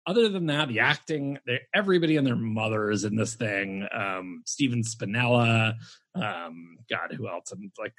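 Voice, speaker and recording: A man's voice: on the low side, animated, moderate pace, a bit bright, no echo, clean studio sound. A man co-hosting a film review podcast, chatting casually and laughing easily. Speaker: podcast co-host.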